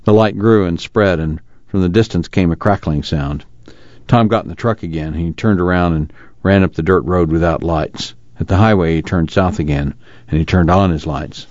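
A man narrating a novel aloud for a radio reading service, steady and measured. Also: deep voice, no echo. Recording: dry, slightly muffled studio recording.

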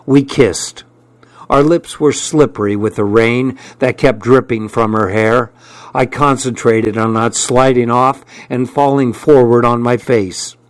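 Slow, measured male storyteller. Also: mid-range voice, fairly even intonation, no room sound. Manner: measured first-person storytelling. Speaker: narrator. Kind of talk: audiobook narration.

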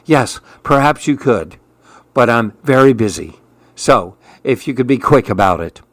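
A man's voice: mid-range voice, lively intonation, a little slow, a bit bright, no echo, studio quality. A man voicing a busy, impatient male pigeon who huffs and hurries his words.

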